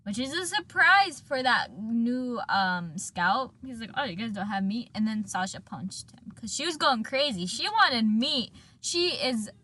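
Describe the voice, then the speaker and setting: A woman's voice: on the high side, sing-song, unhurried, few pauses, pushed and bright. A woman co-hosting a casual anime recap podcast, rambling through the plot with lots of fillers and quoted lines, recorded in a parking lot. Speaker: podcast co-host. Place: parked car or workplace parking lot.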